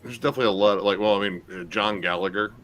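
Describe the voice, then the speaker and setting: A man's voice: on the low side, racing. A man hosting a casual podcast chat, rambling with lots of fillers. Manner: relaxed, rambling with many fillers.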